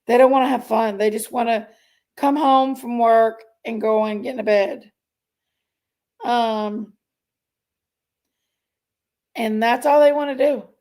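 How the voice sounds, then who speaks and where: A woman's voice: on the high side, steady tone, slow, pauses often, a little mellow. A woman hosting a casual livestream, chatting and greeting viewers by name as she reads their comments. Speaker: livestream host reading chat.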